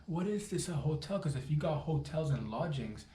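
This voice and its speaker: A man telling an absurd comic story in a rambling, swaggering, slangy way. His voice jumps up high when he gets worked up. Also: expressive, moderate pace, mellow, reverberant, a little hiss or hum.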